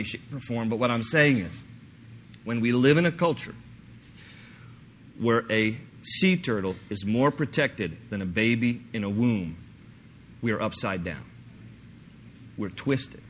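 A man preaching a sermon, animated and joking, slipping into mock voices to make his point. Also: on the low side, a little hiss or hum. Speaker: pastor.

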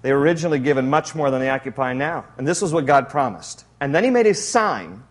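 A male pastor preaching a sermon in an animated, jokey way with frequent laughs. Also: mid-range voice, quick pace.

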